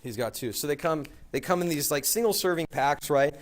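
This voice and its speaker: A man's voice: fairly high pitch, brisk. A man telling a casual, rambling story as a guest, filling his talk with "like" and "right?".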